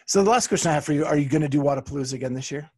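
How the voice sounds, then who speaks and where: A man hosting a podcast interview, easygoing and a bit halting as he sorts out his questions. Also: fairly high pitch, a little mellow, husky. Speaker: podcast host.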